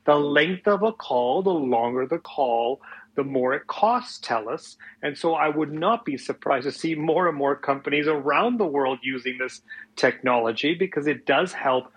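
A man's voice: on the high side, moderate pace, slightly rough, low-quality recording. A man who works as a financial advisor, a regular guest on a radio show, giving business commentary in an easygoing, conversational way.

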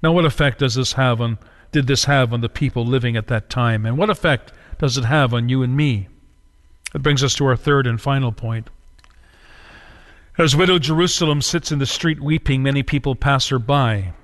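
A man preaching a sermon dramatically, moving between slow solemn phrases and quick urgent runs. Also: medium pitch, long reverb tail.

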